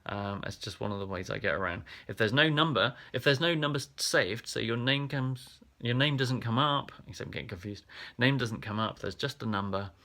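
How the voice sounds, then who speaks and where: A man's voice: mid-range voice, fairly quick, hardly any pauses, sharp tone. A man from England's Black Country talking through a casual, self-reflective vlog, rambling and hesitant with frequent ums and restarts. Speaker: vlogger.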